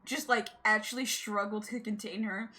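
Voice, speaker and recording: Giggly bright-voiced woman streamer. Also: mid-range voice, fairly even intonation, moderate pace, reverberant, faint music behind. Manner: giggly, reads game dialogue aloud with laughs. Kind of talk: casual game stream chat.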